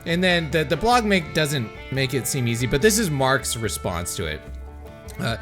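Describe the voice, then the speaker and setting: A male podcast co-host in casual conversation, ranting with frequent laughter. His voice is bright and forward, and his pitch swings widely as he talks. He keeps a loose, chatty delivery. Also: big pitch swings, normal speed, faint music behind. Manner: ranty, laughs often between phrases.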